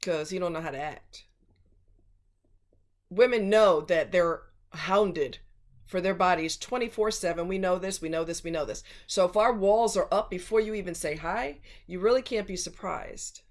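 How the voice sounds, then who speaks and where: A woman's voice: fairly low pitch, moderate pace, darkish tone. A woman vlogger giving blunt relationship advice in a casual, emphatic monologue.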